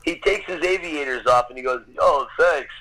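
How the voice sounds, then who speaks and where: A man's voice: fairly high pitch, a little fast, pushed and bright, low-quality recording. A man in his fifties, a podcast guest telling a vivid personal story, swearing casually as he goes. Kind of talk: animated anecdote telling.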